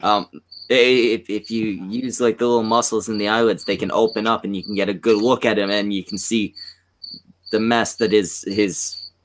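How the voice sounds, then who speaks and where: Guy hosting a stream, kinda low voice, crude jokes, laughs a lot. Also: steady tone, moderate pace, slight background noise. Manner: crude, joking, laughs often. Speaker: stream host reading chat. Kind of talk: casual banter on a livestream.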